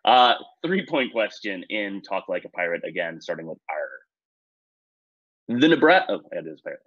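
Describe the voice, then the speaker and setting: A man hosting a trivia quiz in a relaxed, self-deprecating way, with many "uh"s and "um"s, on a dull, dry, lo-fi recording. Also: lowish voice, normal speed, dry recording. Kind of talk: casual quiz-show hosting.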